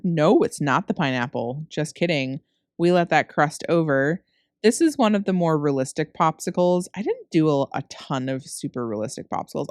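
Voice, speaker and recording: A woman's voice: sits low, darkish tone, no room sound, clean studio sound. A woman narrating her cookie decorating tutorial as a casual, rambling voice-over, tired from recording late at night and laughing at her own slips. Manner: chatty, rambling, self-correcting, laughs at herself. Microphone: close microphone.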